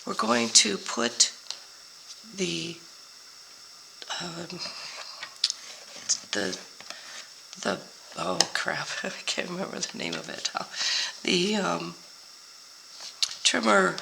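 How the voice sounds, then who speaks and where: An older woman with a lowish voice, scratchy after a week of being ill, chats through a card-making tutorial and sometimes forgets product names mid-sentence. She sounds very animated, drawing out her words with vocal fry and long pauses.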